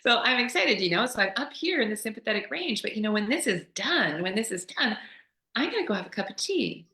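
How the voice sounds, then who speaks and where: Lively woman explaining yoga, echoey room. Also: mid-range voice, quick pace. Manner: animated, laughs often, acts out quoted voices. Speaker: yoga teacher and mentor. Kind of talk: casual explanatory chat on a call.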